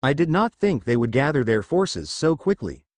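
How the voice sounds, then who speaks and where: A proud, wise old dragon speaks slowly and formally, as a man voices him. He sounds calm and dignified, lending a lively lilt to his storybook reading. The audio is dry and close. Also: mid-range voice, no echo.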